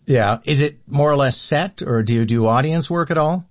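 Canadian radio host, crisp and dry. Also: male voice, mid-range voice, no echo. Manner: polished, brisk introductions. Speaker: interview host. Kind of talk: broadcast interview hosting. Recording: dull lo-fi dry studio sound.

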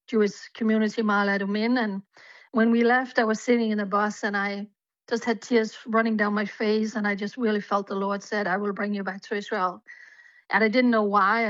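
A woman's voice: medium pitch, no room sound. Female radio guest from Denmark who tells her story earnestly over a dull, dry remote line. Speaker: guest journalist. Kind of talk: personal testimony in a radio interview.

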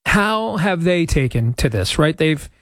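A man hosting a podcast, steering the interview with brisk, conversational questions. His voice sits a little high, and the recording is dry and close. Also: big pitch swings, a bit bright, no room sound. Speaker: podcast host.

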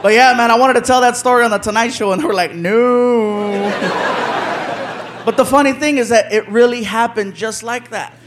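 A man telling a story as a stand-up comedian, animated and loud, acting out the people in it. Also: very high-pitched, fast, few pauses. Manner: animated, loud, acts out characters with shouted voices. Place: live comedy venue with laughing audience. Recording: live show with loud crowd noise.

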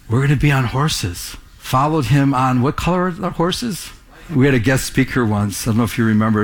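A man preaching a sermon in a conversational way, often repeating words and asking the congregation questions. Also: medium pitch. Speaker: pastor.

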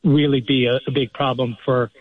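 A man's voice: medium pitch, flat delivery, moderate pace, breathy edge. Male radio caller on a tinny phone line, earnest, careful, stumbling restarts. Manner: earnest, explanatory, many restarts. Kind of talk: phone-in call.

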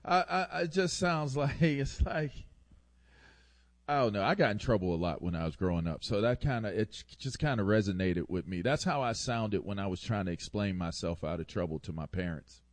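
A man's voice: on the low side, lively intonation, brisk. A man co-hosting a casual sports talk show, rambling with laughs and stammered restarts.

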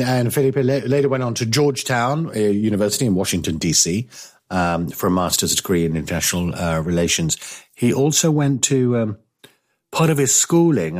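A British man hosting a radio talk show with a fairly low voice. He chats loosely, wandering through asides and restarting his sentences. The tone is casual and unscripted. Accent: British English. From Britain. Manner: rambling, with many fillers and restarts.

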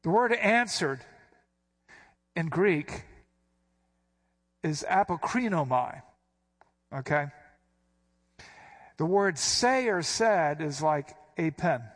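This pastor's fairly high, expressive voice moves at a slow pace with long pauses. Explaining a scripture passage emphatically, like a teacher, he punches out key words and marks quotations with sudden rises in pitch.

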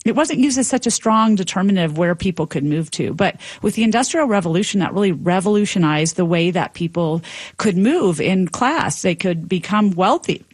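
A woman, a linguistics professor, explaining as a guest in conversational style with articulate, lively emphasis. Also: lowish voice, moderate pace, husky, dry recording.

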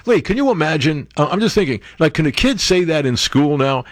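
A man's voice: a little high, big pitch swings, quick pace, few pauses, dry recording, clean studio sound. A man hosting a talk radio show, ranting sarcastically and mocking others with impressions.

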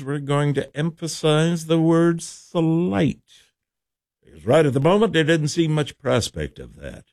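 Male morning radio host, folksy, lively pitch, dry studio sound. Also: measured pace, no room sound. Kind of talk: radio weather and chat.

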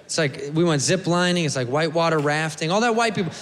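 A man from the United States doing a stand-up comedy set, animated and profane, slipping into funny voices for the people he mimics. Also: fairly high pitch, quick pace. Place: comedy club stage. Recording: live club mic, echoey hall, audience noise. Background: audience laughter.

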